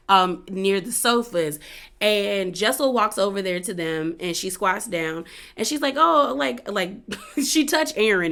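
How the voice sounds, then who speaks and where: A woman talks through a reality TV episode in a chatty, opinionated way, her voice sitting at a middle pitch. She keeps slipping into quick snippets of what the cast said. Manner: chatty, opinionated, quotes others in animated asides. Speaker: recap commentator. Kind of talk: casual reality TV recap.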